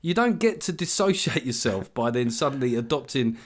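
A man in his forties holds forth in a relaxed chat, opinionated and openly exasperated. He talks at an ordinary middle pitch and swears freely. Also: normal speed. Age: 40s. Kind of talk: casual chat.

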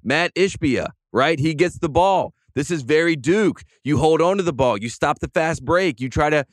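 A man's voice: fairly high pitch, animated, normal speed, no echo. A man hosting a sports podcast, ranting in an emphatic, fired-up way in casual chat. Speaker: podcast host.

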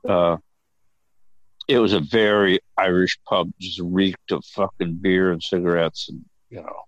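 An older male guest with a very low voice tells meandering, profane stories and laughs easily as he talks. The sound is dry, with no room around him. The recording is dull and lo-fi. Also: no echo. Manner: rambling, profane, chuckling storyteller. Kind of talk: casual storytelling interview.

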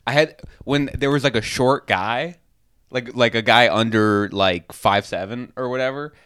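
A man's voice: medium pitch, a little slow, fairly bright tone, clean tone, dry recording, clean studio sound. A man from Massachusetts co-hosting a podcast, rambling through casual chat with self-mocking jokes and free swearing. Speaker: podcast co-host. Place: podcast studio.

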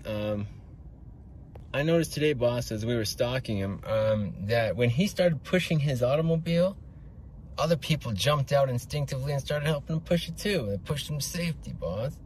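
Man putting on a whiny, slimy crony voice, higher and hushed, fawning over the boss. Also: animated, moderate pace, slight background noise, close to an everyday voice. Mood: tattling. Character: slimy, fawning male henchman, creepy and eager.

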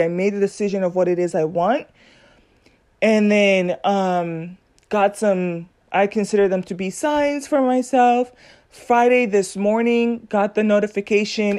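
A woman's voice: mid-range voice, darkish tone. Woman podcast host, casual solo chit-chat, chatty with plenty of ums, acts out quoted voices. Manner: chatty, many fillers, acts out quoted dialogue.

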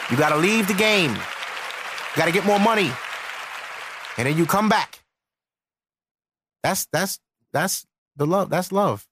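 A man's voice: sits high, animated, a little slow, pauses often, a bit bright, husky, some chatter behind. A man hosting a podcast, giving a blunt, profane, lecturing rant in a casual style. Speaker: podcast host.

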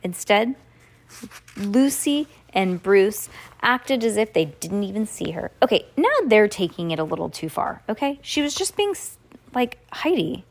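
A woman's voice: medium pitch, very animated, a little slow. A woman reading a children's storybook aloud as a podcast host, breaking off for playful, chatty asides to a child listening. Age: adult.

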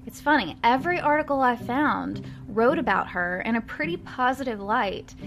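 A woman's voice: a little high, lively intonation, normal speed, a bit bright. A woman hosts a history podcast in a casual storytelling way. She reads old newspaper quotes and adds chatty, wry asides with the odd um. Music plays behind her voice. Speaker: podcast host.

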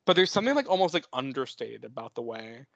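A man's voice: mid-range voice, very animated, fast talker, vocal fry, a bit bright, no echo, highs cut off. A young man co-hosting a podcast, thinking aloud with hesitant restarts and fillers. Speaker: podcast co-host. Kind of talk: casual chat.

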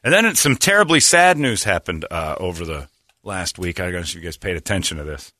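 A man hosting a talk show, telling comic stories in a loose, chatty way and acting out other people with sudden loud yelps. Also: low voice, a little fast, dry recording. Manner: animated, acts out voices with loud yelps. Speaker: radio show host. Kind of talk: casual comedic storytelling.

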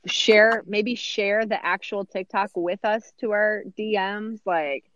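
A woman's voice: mid-range voice, slow pace, a bit bright, dry recording. Chatty woman podcast host, dull dry audio. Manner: chatty, many fillers, laughs often. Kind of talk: casual chat recapping a sitcom episode.

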